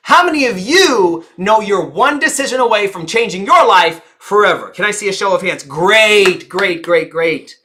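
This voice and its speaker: A woman speaking coach teaching a live audience, theatrical and engaging, who deliberately slows down, drops her volume and pauses for effect, and puts questions to the listeners. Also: mid-range voice, lively intonation, bright, forceful tone, slight background noise. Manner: theatrical, shifts pace and volume on purpose, dramatic pauses.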